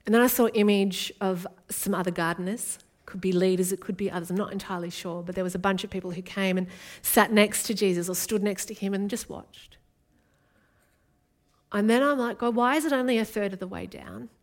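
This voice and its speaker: A woman's voice: medium pitch, steady tone, brisk. A woman, from Australia, preaching an earnest and intimate sermon as a guest speaker.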